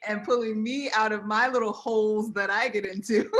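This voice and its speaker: A woman's voice: medium pitch, steady tone, normal speed, fairly bright tone. An American woman speaking as a guest on a live video chat, earnest and heartfelt, close to tears. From United States.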